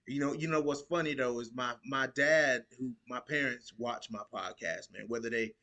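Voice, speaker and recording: A man's voice: mid-range voice, normal speed, bright, forceful tone. Laid-back man hosting a slangy podcast. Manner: laid-back slangy talk, laughs often. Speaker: podcast host. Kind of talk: casual podcast chat.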